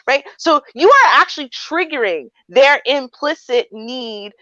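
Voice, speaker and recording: A woman's voice: high-pitched, unhurried, no echo. Chatty woman with a dull, dry sound. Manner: animated storytelling, acts out a sweet confused voice. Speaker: co-host. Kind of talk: casual livestream chat.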